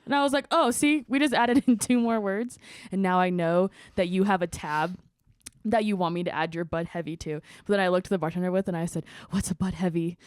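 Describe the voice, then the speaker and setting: Animated woman telling bar stories. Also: on the low side, a little fast, clean tone, no echo, clean studio sound. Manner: animated storyteller, acts out customers with laughs. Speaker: bartender and podcast co-host. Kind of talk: casual chat.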